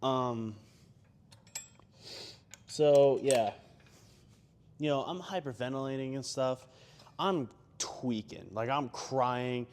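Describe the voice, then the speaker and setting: A man's voice: medium pitch, slow pace, pauses often, a little mellow, slight background noise. A young man chatting casually between gym sets, rambling with lots of fillers and self-deprecating asides. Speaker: gym vlogger.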